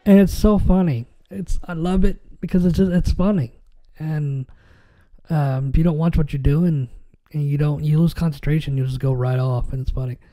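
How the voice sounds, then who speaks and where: A stuffy-nosed man hosts a podcast in loose casual chat. His voice sits a bit high yet very dark and mellow in tone. He rambles, halts, and restarts through a stream of fillers. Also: fairly even intonation, moderate pace. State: stuffy nose. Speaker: podcast host.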